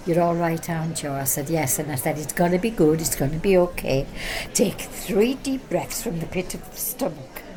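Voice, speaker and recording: A woman's voice: fairly low pitch, rough recording. An older woman with a Cumbrian accent fondly reminiscing in an interview, often laughing. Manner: fond, laughing recollection. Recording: loud music and crowd behind.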